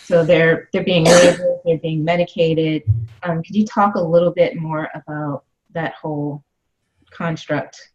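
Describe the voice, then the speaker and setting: A woman's voice: low-pitched, fairly even intonation, a little slow. A woman hosting an interview, asking long rambling questions filled with "you know" and "um". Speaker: podcast host. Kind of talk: casual interview. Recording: dull lo-fi sound.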